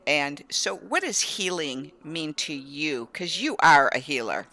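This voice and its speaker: A woman hosting a casual interview, chatty and telling personal stories in an animated way. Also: deep voice, unhurried. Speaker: host.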